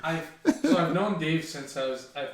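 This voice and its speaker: A man's voice: fairly high pitch, moderate pace. A man, a former goalkeeper telling stories as a guest on a casual podcast, quoting himself and his friends. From Windsor, Canada. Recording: very echoey, distant from the mic.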